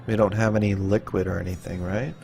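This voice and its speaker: A man hosting a let's play, commenting casually and thinking out loud with many okays as he works through puzzles. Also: fairly low pitch, brisk, gravelly, a little hiss or hum. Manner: relaxed, musing aloud with frequent okays and hms. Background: faint game music.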